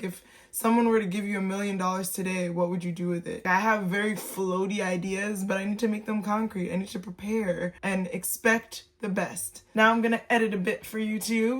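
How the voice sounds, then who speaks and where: A young woman vlogging candidly from home, animated and musing out loud with rhetorical questions. Her voice is mid-pitched. It bounces around a roomy space with faint music underneath. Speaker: lifestyle vlogger. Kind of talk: casual vlog talk to camera.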